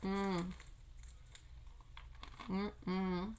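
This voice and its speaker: A woman's voice: mid-range voice, steady tone, slow pace, pauses often, sharp tone, rough recording. A young woman chatting casually while eating on camera, telling a travel story and swearing now and then. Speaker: vlogger. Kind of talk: casual mukbang chat.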